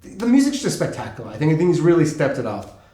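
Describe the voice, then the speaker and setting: Excitable man in an echoey room. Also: fairly high pitch, fast. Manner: excitable, swears freely, acts out quotes. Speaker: podcast co-host. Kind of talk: casual podcast chat.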